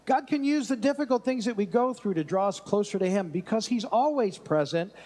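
Male pastor with a high-pitched voice, chatty sermon storyteller who restarts often. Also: expressive, brisk, warm tone. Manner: conversational, many restarts and asides.

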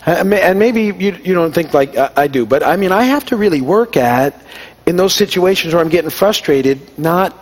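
A middle-aged pastor with a voice on the high side gives an informal sermon. He tells personal stories and acts out the dialogue in a conversational, self-deprecating way.

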